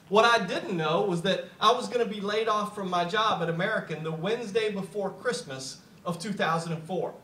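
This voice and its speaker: A man's voice: high-pitched, bright, forceful tone, slight background noise. A middle-aged man telling his story at a business opportunity meeting, often repeating words as he starts sentences and chuckling. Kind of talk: motivational storytelling talk. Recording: echoey room, voice picked up from a distance.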